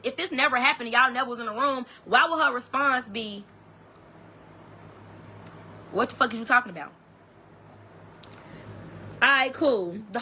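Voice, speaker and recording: A woman's voice: high-pitched, bright, forceful tone, slightly rough, highs cut off. A young woman telling her viewers a personal story in a casual, profane, blunt way, often restarting her sentences. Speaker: storytime vlogger.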